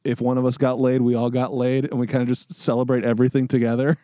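A man's voice: mid-range voice, flat delivery, fast talker, warm tone, no room sound, studio quality. A man on a comedy podcast telling casual stories, laid-back and full of fillers.

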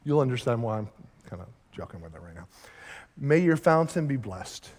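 A man's voice: medium pitch, very animated, normal speed, darkish tone. A middle-aged man preaching a sermon as pastor, emphatic and acting out quoted voices. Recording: long hall reverb.

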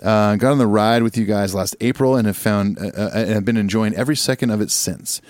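A man co-hosting a podcast in casual chat, reading a listener email aloud, stumbling and filling pauses as he goes. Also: on the low side, a little mellow, no echo. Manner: chatty, stumbling over words, frequent fillers. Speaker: podcast co-host.

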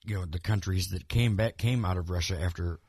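Here a man speaks briskly in a low-pitched, slightly rough, a little mellow voice, captured as a dry, clean studio recording. Co-hosting a podcast, he wanders through casual talk about the news and politics, full of restarts and repeated words.

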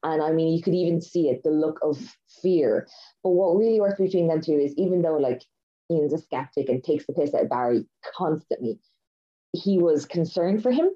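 A woman's voice: low-pitched, lively intonation, moderate pace, warm tone. A woman co-hosting a podcast, telling a story in an enthusiastic, rambling way with lots of fillers. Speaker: podcast co-host. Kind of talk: casual chat. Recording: dull lo-fi sound.

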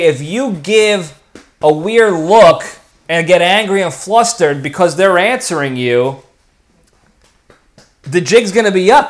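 A man hosting his own podcast, talking casually on his own and often checking in with "okay" and "all right.". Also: high voice. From lives in Texas. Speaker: podcast host. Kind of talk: casual solo monologue.

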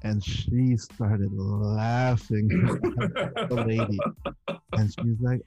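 A man's voice: mid-range voice, a little slow, vocal fry, dark tone, husky, muffled recording, faint music behind. A man in a casual podcast chat, chatty and laughing often. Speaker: podcast guest.

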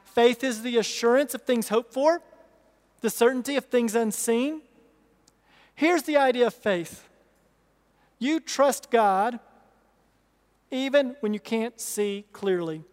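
A pastor preaching a sermon, emphatic, repeating key phrases and asking rhetorical questions. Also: male voice, extremely high pitch, takes it slowly, long pauses. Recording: long reverb of a large hall.

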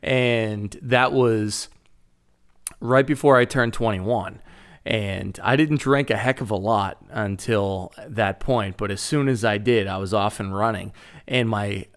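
A man's voice: on the low side, slow pace, clean tone. A man with a Boston accent, co-hosting a podcast and sharing casually in a recovery-meeting style, rambling with many fillers and restarts. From Boston, Massachusetts. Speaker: podcast co-host.

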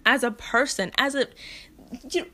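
A woman's voice: sits high, a little slow, pushed and bright. A young woman from the United States delivering an impassioned, frustrated rant to camera, blunt and repetitive, with nervous laughs between points. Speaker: vlogger.

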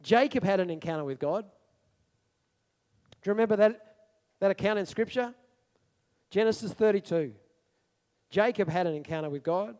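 A male preacher giving a sermon in an animated storytelling manner, asking his congregation questions. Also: high voice, moderate pace, pauses often, long reverb tail.

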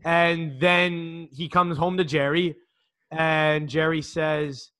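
A man co-hosting a casual sports podcast, his voice a touch high with a bright, sharp edge. He rambles through his points and keeps restarting sentences. He swears casually as he goes. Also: level tone, slow. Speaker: podcast co-host.

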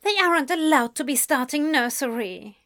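A woman voicing a bold, teasing female friend, pitched up and lively. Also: a little slow, full character voice. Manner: teasing, pouting.

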